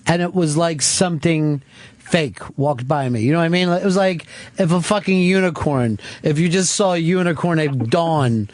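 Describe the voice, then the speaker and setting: A man hosts a radio call-in show with a loose, chatty manner and casual swearing. His voice sits high for a man. The studio sound is dry and close, with no room around it. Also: normal speed, a little mellow, dry recording. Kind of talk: casual radio talk taking calls.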